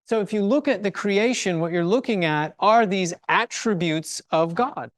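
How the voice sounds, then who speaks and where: A middle-aged chapel speaker talks to a live audience in a relaxed, excitable way. The voice sits at an ordinary middle pitch and sounds close and dry, with no room echo. The talk is full of asides and jokes at the speaker's own expense. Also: normal speed. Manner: enthusiastic, chatty, self-deprecating humor. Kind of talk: casual faith and science talk. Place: university building, before a live audience.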